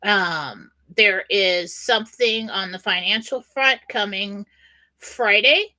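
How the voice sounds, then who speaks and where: A psychic reader gives readings on a live show, chatting in a loose, casual way with lots of fillers and restarts. Her voice is medium-pitched and bright, with a forceful tone and a slow pace.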